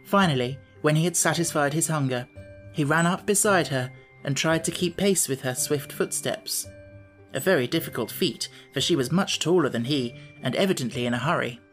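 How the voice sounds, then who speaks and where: A man narrating a classic children's story in a measured, even storytelling manner. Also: fairly high pitch, soft background music. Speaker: audiobook narrator.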